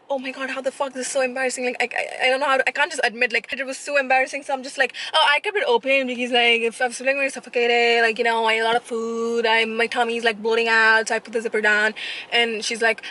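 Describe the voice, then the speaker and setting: A woman's voice: fairly high pitch, fairly even intonation, fast talker, bright, forceful tone, poor audio. A young woman talking casually to her vlog camera, candid and profane as she tells stories. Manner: candid, profane, chatty storytelling. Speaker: vlogger.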